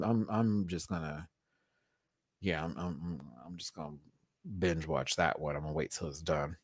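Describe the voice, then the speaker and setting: A man's voice: lowish voice, no room sound, studio quality. A man hosting a casual live-stream chat, sassy and campy, laughing often and using playful slang. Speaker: host.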